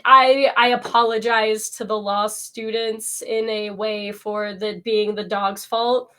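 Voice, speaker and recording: A woman playing a tabletop game, speaking slowly with stammers and fond asides. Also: medium pitch, flat delivery, fairly bright tone, smooth. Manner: slow, stammering, fond talk to the dogs. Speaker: player.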